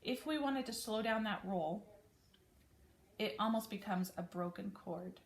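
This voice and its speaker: In an unhurried, mid-range voice, a woman teaches piano casually, laying out chords in plain terms with the occasional small self-correction. She comes across friendly and easygoing, and bits of piano playing sit between her spoken explanations.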